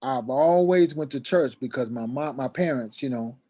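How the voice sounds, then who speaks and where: Animated male storyteller. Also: medium pitch, normal speed. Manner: acts out quoted dialogue, voice rising sharply when agitated. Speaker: guest telling a personal story.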